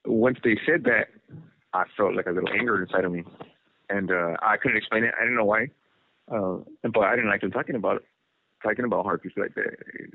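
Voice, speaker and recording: A man's voice: lowish voice, no echo. A man from Los Angeles, serving a prison sentence, telling his life story in a casual, rambling way over a phone call, with lots of fillers like "you know" and "like". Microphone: telephone. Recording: tinny prison phone line.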